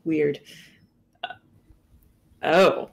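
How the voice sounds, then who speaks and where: A man's voice: fairly high pitch, steady tone, drawn-out words, gravelly, lo-fi sound. A man playing a tabletop game, speaking hesitantly and stammering. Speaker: player.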